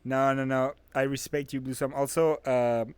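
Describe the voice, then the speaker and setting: A man's voice: medium pitch, flat delivery, normal speed, very noisy. A man with a French accent, a native French speaker, chatting casually on a stream in a playful, teasing way. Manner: playful, teasing, laughs easily. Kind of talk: casual chat.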